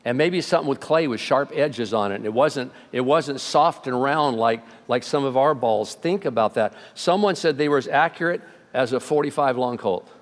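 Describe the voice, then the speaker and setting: A man preaching a sermon, retelling scripture in an animated way and acting out the voices. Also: medium pitch, normal speed. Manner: animated storytelling, acts out voices. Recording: long hall reverb.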